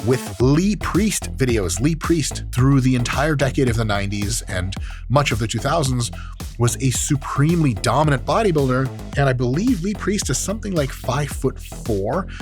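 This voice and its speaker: A man who is an exercise science professor, hosting and giving joking, profane commentary on training clips. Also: mid-range voice. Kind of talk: casual commentary on training videos.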